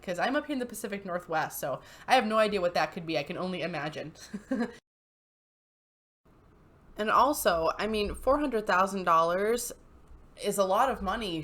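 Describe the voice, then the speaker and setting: A woman's voice: fairly low pitch, a bit bright. A woman hosting casual commentary on online posts, chatty and giggly, with lots of fillers. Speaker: channel host.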